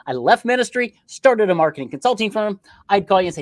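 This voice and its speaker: A middle-aged man, a podcast guest, telling his story in a lively way and acting out bits of dialogue. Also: high-pitched, fast talker, dry recording. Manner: lively storyteller who acts out dialogue in changed voices. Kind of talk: casual interview storytelling.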